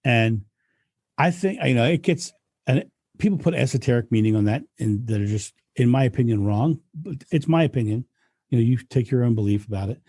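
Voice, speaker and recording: A man's voice: medium pitch, lively intonation, a little fast, mellow, husky, no echo, studio quality. A man, a guest speaker, talking earnestly in a reflective interview and often restarting his sentences. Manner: earnest, frequent restarts and repetitions.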